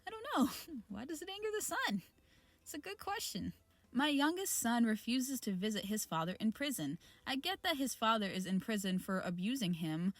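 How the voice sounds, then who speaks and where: A woman's voice: medium pitch, no room sound. Ranting woman reacting, dry close sound. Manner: ranting, exasperated, restarts often. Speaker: reaction channel host. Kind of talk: casual reaction commentary.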